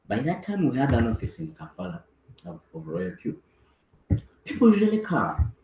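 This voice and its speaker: A man coaching his team in a lively, sing-song voice that swoops up and down. He acts out little dialogues and repeats words for emphasis. The sound bounces around an echoey room. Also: medium pitch. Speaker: business team trainer. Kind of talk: motivational training talk.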